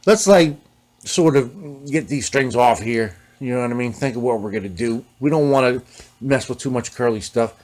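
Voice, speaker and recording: A man hosting his own guitar repair video, chatting loosely as he works on an instrument. He talks streetwise and swears freely, and he keeps leaning on "you know what I mean." His voice sits at an ordinary middle pitch. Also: moderate pace, a little mellow. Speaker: host of a guitar repair channel. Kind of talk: casual storytelling while working on an instrument.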